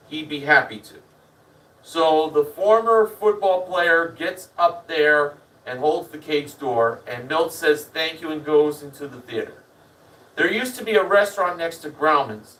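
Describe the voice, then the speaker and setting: Bright-voiced man reading a memoir. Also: on the high side, distant mic, low-quality recording. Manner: lively storyteller, animated in the punchlines. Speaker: reader. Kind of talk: first-person memoir reading.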